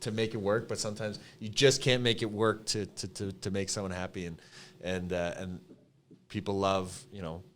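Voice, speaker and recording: A young man with a Canadian accent, a podcast guest telling stories in a casual, emotional, animated way with many fillers. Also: lowish voice, moderate pace. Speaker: podcast guest, clothing company co-founder.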